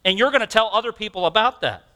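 A male preacher voicing a calm, patient teacher reassuring his followers during a sermon. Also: sits high, quick pace, voice pushed up.

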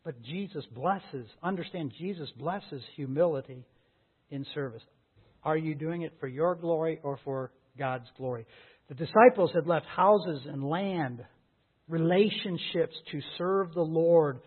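A pastor delivering a sermon in a high, light male voice. He preaches earnestly and presses his listeners with rhetorical questions. The sound is thin and tinny, as if heard over a phone line. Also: a little slow, husky.

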